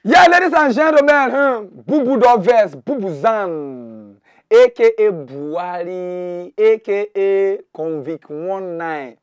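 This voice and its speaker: Pidgin-talking guy doing mock news, high pitched, goes from yelling to mumbling, dry sound. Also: slow, clean tone, no echo, soft background music. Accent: Nigerian Pidgin. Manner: excitable, mocking, swings between shouting and muttering. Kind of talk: comic pidgin commentary.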